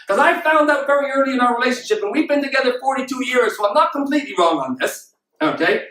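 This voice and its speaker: A man in his sixties giving an energetic, emphatic motivational talk full of rhetorical questions. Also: extremely high pitch, quick pace. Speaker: motivational speaker. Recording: echoey room, voice from far off the mic.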